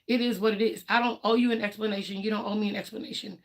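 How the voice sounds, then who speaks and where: A woman hosts a livestream and talks frankly about her own life in loose, colloquial speech. She acts out what other people said to her, often switching into their voices for a line or two. Her voice sits at a middle pitch. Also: fairly even intonation, rapid-fire. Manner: candid and emphatic, acts out quotes of others; colloquial, laughs between points. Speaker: livestream host. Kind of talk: casual personal talk on a livestream.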